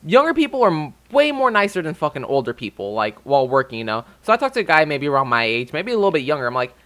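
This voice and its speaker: A young man talks straight to his audience in a loose, heated rant, swearing freely. His voice sits a little high, with a bright, forceful edge. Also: sing-song, fast talker, hardly any pauses. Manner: profane and heated. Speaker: vlogger. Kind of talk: casual rant.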